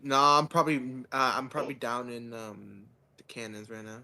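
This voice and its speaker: A man playing a tabletop game, halting and stumbling as he asks questions. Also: medium pitch, vocal fry, sharp tone. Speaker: player. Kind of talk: asking the game master questions.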